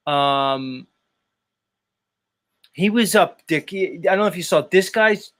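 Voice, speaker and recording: A man's voice: high voice, expressive, a bit bright, no echo. Laid-back, swearing male stream host. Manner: loose, swears freely, drawn-out asides. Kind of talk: casual live panel chat.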